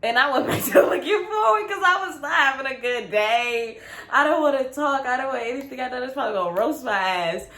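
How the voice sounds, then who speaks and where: A young woman vlogger telling a casual, animated story with lots of slang. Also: high voice, fairly quick. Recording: roomy with faint ambience.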